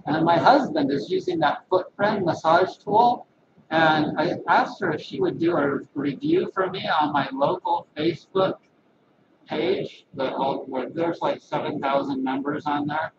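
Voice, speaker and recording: Talking a little slowly in a slightly high, creaky voice, a man who works as a massage therapist chats to his webcam from home. It's casual vlog talk, rambling and animated with folksy asides, recorded as distant, echoey lo-fi webcam audio under loud background noise.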